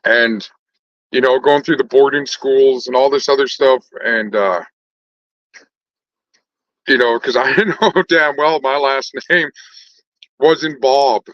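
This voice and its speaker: A man's voice: medium pitch, slow, long pauses, a bit bright, no room sound, muffled recording. A man talking in a casual conversation, laid-back and slangy, swearing freely.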